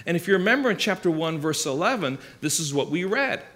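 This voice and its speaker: A man's voice: fairly high pitch, very animated, fast, a bit bright. A man preaching a sermon, explaining scripture with emphatic rhetorical questions and restarts. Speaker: pastor.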